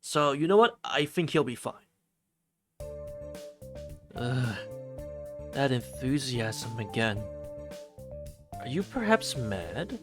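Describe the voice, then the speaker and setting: A male streamer reading a visual novel aloud and reacting casually, animated and swearing freely while he talks to chat. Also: medium pitch, slow pace, long pauses, faint music behind.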